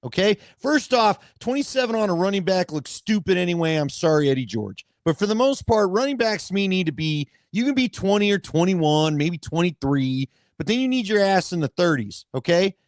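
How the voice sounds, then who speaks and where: Man, high voice, opinionated sports co-host, dry close sound. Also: very animated, fairly quick, few pauses, dry recording. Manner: blunt, opinionated, rants freely. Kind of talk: casual sports talk.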